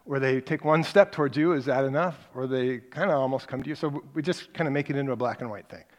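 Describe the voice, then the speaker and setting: A middle-aged man teaching a parenting class, telling stories in a conversational way and stressing his main points with repetition. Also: medium pitch. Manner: conversational storytelling with emphatic repeated points; acts out parent and child lines in quick snippets.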